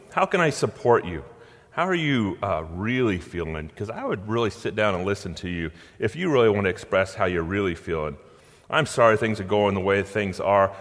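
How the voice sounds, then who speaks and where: A middle-aged man preaching in a conversational way, acting out quotes with a playful touch. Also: fairly low pitch. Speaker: pastor. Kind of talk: sermon. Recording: long hall reverb.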